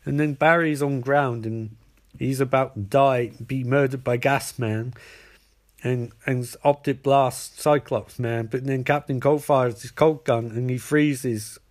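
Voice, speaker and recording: A man rambles through a comic recap, joking and restarting often. His voice sits at a middle pitch. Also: fairly even intonation, a little slow.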